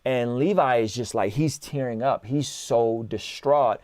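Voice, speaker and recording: A man's voice: mid-range voice, unhurried, dry recording. A man in his thirties tells stories animatedly in casual conversation. He acts out the lines of other people, and his delivery is loose and peppered with "like" and "right?". His voice sits in a middle register and sounds dry and close. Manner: animated storyteller, acts out dialogue, frequent "like" and "right?". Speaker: guest.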